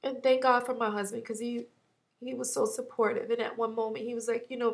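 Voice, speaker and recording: A woman in her thirties talking through a personal loss in a vlog, halting and heartfelt, close to tears at times. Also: medium pitch, vocal fry. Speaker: vlogger.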